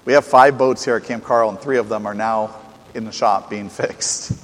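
Preacher guy getting loud then quiet, sermon in a big echoey hall. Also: lowish voice, normal speed. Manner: animated, swings from loud emphasis to quiet asides. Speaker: pastor.

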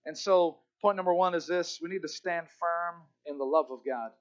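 High-voiced fervent male preacher. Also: highs cut off. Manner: fervent preaching, repeats key words, slows for emphasis. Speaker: pastor. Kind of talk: sermon.

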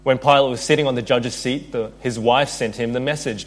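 A man's voice: medium pitch, fairly even intonation, brisk, hardly any pauses. A man preaching a sermon as pastor, earnest, reading scripture aloud and building in intensity.

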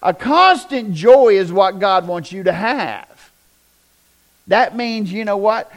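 A man's voice: sits high, slow pace. A middle-aged man preaching a sermon in a church, folksy and joking, speaking straight to his congregation. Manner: animated, folksy and joking, addresses congregation directly. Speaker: pastor.

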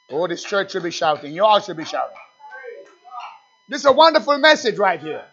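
A male pastor preaching a sermon, swinging between loud shouted declarations and low murmured asides. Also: big pitch swings, a little fast, vocal fry, pauses often, husky, dull audio.

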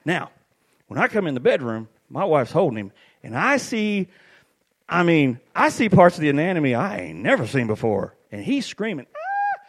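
Animated middle-aged preacher man. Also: a little high, normal speed. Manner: animated storytelling, shouting peaks. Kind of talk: sermon.

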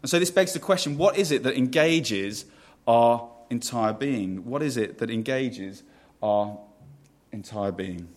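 A man's voice: medium pitch, expressive, a little slow. A man preaching a sermon in a conversational way, putting questions to the congregation and restarting phrases as he goes. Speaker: pastor.

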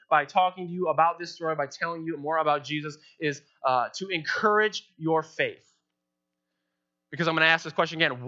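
Bright-voiced lively young male pastor. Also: a little high. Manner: animated, acts out quoted prayers. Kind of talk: sermon. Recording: dull lo-fi sound.

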